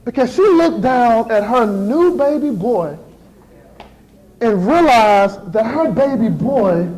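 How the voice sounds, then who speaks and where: A man in his thirties from Georgia, giving a motivational speech and telling a story to an audience in an animated, playful way with repeated phrases. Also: very high-pitched, takes it slowly, low-quality recording. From Decatur, Georgia. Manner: animated, repetitive, playful, with sudden shifts to hushed. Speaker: motivational speaker.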